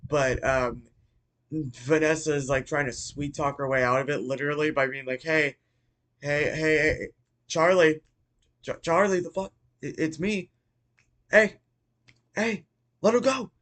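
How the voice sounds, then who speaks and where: A man casually recapping a movie for his channel, rambling with restarts and apologies, excitable and swearing. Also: mid-range voice. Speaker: YouTuber reviewing a movie.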